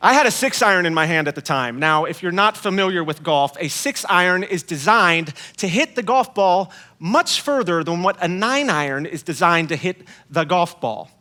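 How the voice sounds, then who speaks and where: A man giving a sermon as guest speaker, telling a story with self-mocking humor and moving between hushed asides and emphatic points. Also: sits high, animated, moderate pace.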